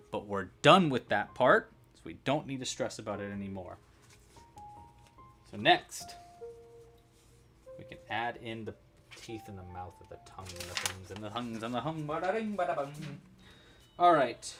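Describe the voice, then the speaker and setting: A man talks viewers through a crochet project on a casual livestream. His pitch swings widely as he narrates each step and tosses in playful asides. Faint music plays behind him. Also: a bit bright. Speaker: crochet instructor.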